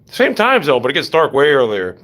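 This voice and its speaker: Lively, rambling man chatting casually. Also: mid-range voice, a little fast. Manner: blunt, profane, wanders between topics.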